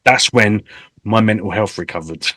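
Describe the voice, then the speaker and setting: A man's voice: lowish voice, normal speed, no echo. Candid man in his fifties. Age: 50s. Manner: candid, animated storytelling with swearing. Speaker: host and singer. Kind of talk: casual interview chat.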